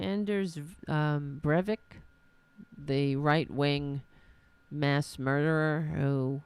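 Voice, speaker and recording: A New York woman with a New York accent hosts a solo political podcast, ranting in a frustrated, self-deprecating way. Her low voice is creaky yet smooth, and the recording is dry.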